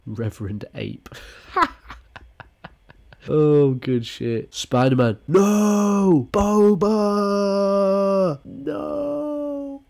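A young British man with a British accent giving casual, excitable reaction commentary on memes, full of slang and swearing, laughing often. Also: on the low side, creaky. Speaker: meme reaction YouTuber.

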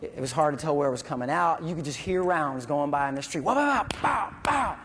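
A man with a fairly high voice delivers a vivid story in a speech, acting out sounds and voices. His voice carries a long reverb, as if in a large hall. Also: fast, slight background noise. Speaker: veteran speaker.

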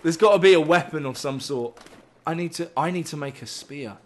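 With a voice on the high side and a fairly quick delivery, a man rambles and jokes through let's play commentary of a survival game. The gaming YouTuber swears freely and yelps whenever something startles him.

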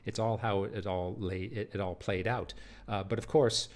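A man's voice: fairly low pitch, steady tone, normal speed. A man teaching a play in a video lecture, earnest and emphatic, often repeating words and checking "do you see?". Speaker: literature teacher.

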